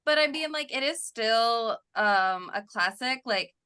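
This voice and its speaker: Woman co-host, animated and giggly, bright tone, chatty podcast review. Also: a little high, unhurried, smooth. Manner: laughing, animated storytelling. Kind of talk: casual chat reviewing a film. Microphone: remote call.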